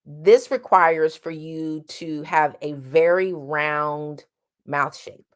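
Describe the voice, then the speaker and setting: A low-pitched woman takes her time teaching a singing lesson. She explains vowel sounds and sings short vowel demonstrations between the explanations.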